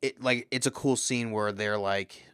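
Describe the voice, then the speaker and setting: A man co-hosts a podcast, reviewing a movie in an excitable, rambling, profane way. His mid-range voice is clear and resonant, delivered at a measured pace with studio-quality sound and no room echo.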